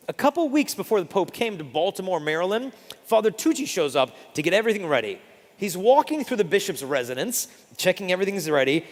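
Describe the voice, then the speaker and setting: A man giving a storytelling sermon, acting out the voices in his anecdotes. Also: sits high. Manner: animated, acts out voices in anecdotes. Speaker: preacher. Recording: reverberant hall.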